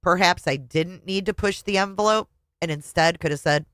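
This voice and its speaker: A woman's voice: lowish voice, normal speed, no room sound. A woman reading a memoir aloud with feeling and adding her own commentary as a reviewer. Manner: expressive, emotional reading. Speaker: book reviewer.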